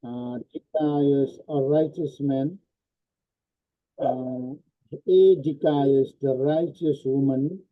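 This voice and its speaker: A male student reading an exercise aloud in class, halting and with fillers. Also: on the high side. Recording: tinny phone-like line.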